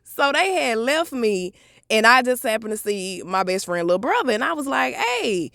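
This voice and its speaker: A woman vlogger telling a story to her viewers in a lively, profane, casual way, often calling them y'all. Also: fairly high pitch, a little fast, no room sound, studio quality.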